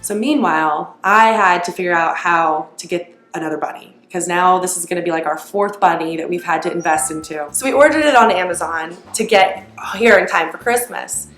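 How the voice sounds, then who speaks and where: A woman's voice: on the low side, fairly quick, few pauses, a bit bright, faint music behind. Chatty mother in a roomy echo. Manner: chatty, meandering, with many fillers. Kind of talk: casual storytelling.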